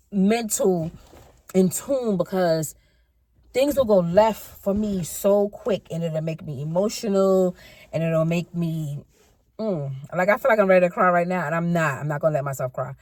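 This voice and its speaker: A woman in her fifties talks in a rambling, chatty way, often stopping to correct herself. Her voice sits a little low. The sound is dry and close, recorded in a car. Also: normal speed, no room sound. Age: 50s. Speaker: vlogger. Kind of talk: casual car-ride vlog chat.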